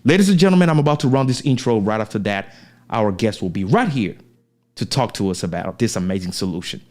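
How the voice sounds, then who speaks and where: A man hosting a podcast, giving an energetic introduction to his guest with rhetorical asides. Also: lowish voice, brisk. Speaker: podcast host.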